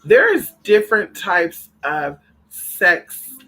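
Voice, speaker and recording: An animated man chats with his viewers about spirits, swearing freely and calling them honey and girl. His voice sits a bit high and rings bright and sharp. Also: takes it slowly, rough recording. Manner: animated, profane, calls listeners honey and girl. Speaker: spiritual livestream host. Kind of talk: casual chat with viewers.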